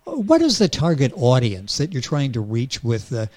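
A man's voice: mid-range voice, wildly swooping pitch, normal speed, a little mellow, no echo. Formal male radio interview host. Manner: formal introductions, clear questions.

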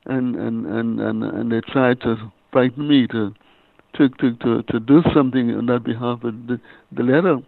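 An older man, a reverend and author being interviewed, who talks haltingly and often repeats his words. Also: mid-range voice, steady tone, vocal fry, dry recording. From Bahamas. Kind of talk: casual interview storytelling. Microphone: phone. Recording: tinny phone line.

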